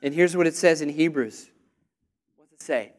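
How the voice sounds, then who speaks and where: A man preaching a lively sermon to a congregation, energetic with call-and-response, rising at times almost to a shout. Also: fairly high pitch, moderate pace.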